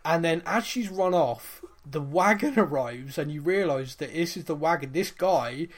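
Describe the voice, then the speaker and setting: Chatty man, slightly high voice. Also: normal speed. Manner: animated, rambling retelling with fillers and acted-out quotes. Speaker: podcast co-host. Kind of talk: casual chat recapping a TV series.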